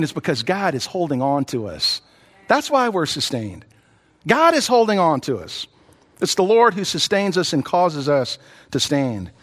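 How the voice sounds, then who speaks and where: A man preaching a sermon, earnest and repetitive, who rises in pitch when voicing others. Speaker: pastor. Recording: long hall reverb.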